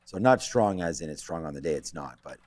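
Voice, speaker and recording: A man's voice: a bass voice, animated, brisk, a little mellow, no room sound. A man co-hosting a live stock market show, rambling and thinking aloud as he checks stock charts. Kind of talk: live trading commentary.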